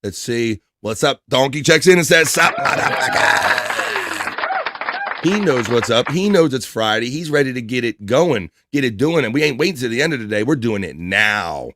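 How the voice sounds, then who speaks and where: A man's voice: mid-range voice, lively intonation, a little fast, hardly any pauses, background noise. A man hosting a live stream, chatting loosely and reading out the chat with profane, hyped-up banter.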